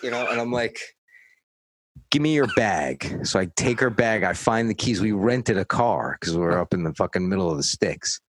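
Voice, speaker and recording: A man's voice: lowish voice, expressive, normal speed, dry recording, poor audio. A man casually telling a story, cursing freely and acting out what others said. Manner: profane, dry, acts out quoted voices. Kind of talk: casual anecdote.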